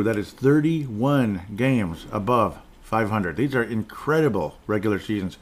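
A man's voice: on the low side, lively intonation, measured pace, slight background noise. A middle-aged man hosting a casual solo sports podcast, rambling and digressive with chuckling asides. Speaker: podcast host.

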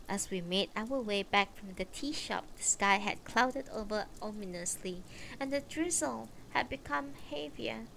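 A woman reading a novel aloud on a livestream, in calm, measured first-person narration. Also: on the high side, vocal fry, a little hiss or hum, rough recording. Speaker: audiobook reader on a livestream.

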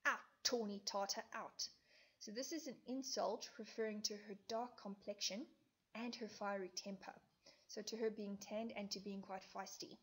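A woman teacher talks through a classic play, rewording each old line into everyday speech. Her voice is husky and a little breathy. She speaks at a medium pitch in an even, explanatory manner. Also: normal speed. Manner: paraphrases old lines into plain modern speech. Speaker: English teacher. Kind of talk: explaining a play in a lesson video.

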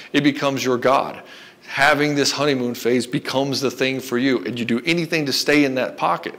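A man's voice: medium pitch, a bit bright. Earnest man giving relationship advice. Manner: earnest, repetitive, leans on "right?" and "and so". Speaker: dating coach. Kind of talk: direct-to-camera advice talk.

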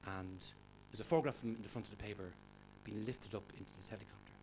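Loud swearing stand-up comedian. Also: male voice, fairly low pitch, fast talker. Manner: loud, energetic, swearing, mimics accents. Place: comedy club stage before audience. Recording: noisy live club recording.

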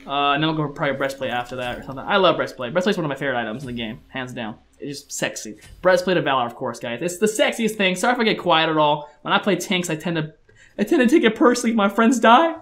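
A man talks over his own match in live gameplay commentary. His voice sits a little high for a man, and he swings from casual chatter to yelling and swearing at the game. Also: rapid-fire, few pauses. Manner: excitable, swears, shouts at the game. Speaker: gaming commentator.

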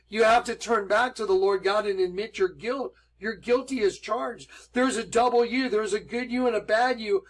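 A man teaching from the Bible in an emphatic preaching style, reading verses aloud slowly. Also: high voice, poor audio.

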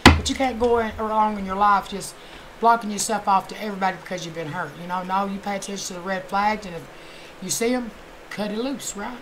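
A woman's voice: medium pitch, a little fast, very noisy. Chatty woman doing a tarot reading. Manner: chatty, swears casually, fillers like "you know"; murmurs softly while shuffling and chanting signs. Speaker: tarot card reader.

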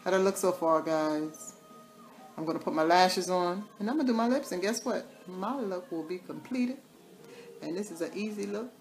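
A woman's voice: on the low side, normal speed, reverberant, soft background music. Chatty woman doing a makeup tutorial. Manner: chatty, repeats catchphrases in a sing-song way. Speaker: makeup vlogger. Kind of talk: casual makeup tutorial, live-streamed.

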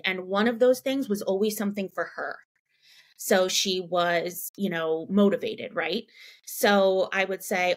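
Chatty woman telling a parenting story. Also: normal speed. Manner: animated, acts out quoted dialogue in a raised pitch; chatty, many "you know" and "right?" fillers. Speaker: guest, parent. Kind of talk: conversational interview storytelling.

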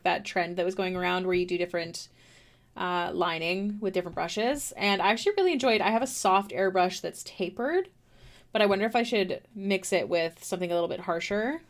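Drawing on stream, a young Canadian woman speaks fairly quickly in a mid-range voice, drifting between addressing chat and muttering to herself. She rambles and giggles frequently, captured cleanly and up close by a desk microphone at home.

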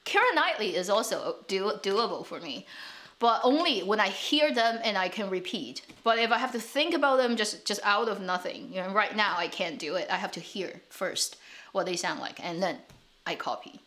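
A woman's voice: medium pitch, lively intonation, moderate pace, pushed and bright. A woman whose first language is Chinese, speaking English with a North American accent, chatting casually to camera as a drama channel host, rambling with restarts and light laughs.

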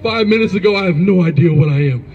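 A man's voice: sits high, quick pace, muffled recording, soft background music. A man preaching and arguing on a city street, confrontational and commanding, calling out scripture readings.

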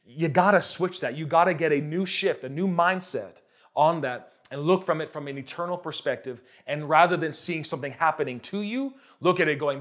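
A man in his thirties preaching a sermon to viewers at home, urging them to repeat after him, with loud bursts of emphasis between calmer stretches. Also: on the high side, normal speed. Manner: exhorting, urges listeners to repeat and shout along. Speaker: pastor.

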